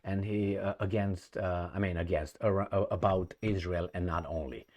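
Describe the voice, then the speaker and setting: A man with a fairly low voice talks through news articles in a casual, opinionated commentary. He rambles, restarts his sentences and hesitates often. Then he breaks into sudden emphatic bursts. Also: fairly even intonation, moderate pace, darkish tone. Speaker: political commentator.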